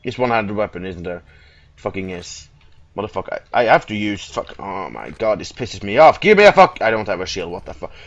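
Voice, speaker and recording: A man's voice: low voice, fairly quick, highs cut off. A young man giving game commentary, swearing a lot and getting frustrated easily. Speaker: gamer.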